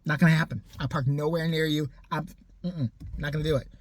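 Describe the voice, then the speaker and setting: A man's voice: a little high, steady tone, fairly quick, no room sound. A man telling a profane, sarcastic story about his neighbor in a casual rant. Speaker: vlogger.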